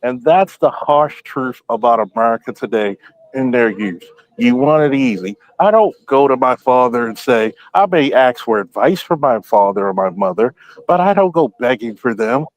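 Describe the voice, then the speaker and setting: A man's voice: mid-range voice, animated, moderate pace, dull audio. A man talks in casual podcast chat with a blunt, profane edge. He tells stories by quoting himself again and again. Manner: quotes himself often.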